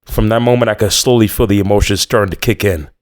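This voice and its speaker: A man narrating a first-person horror story in a tense, measured way. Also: fairly low pitch, fairly even intonation, dry recording, studio quality.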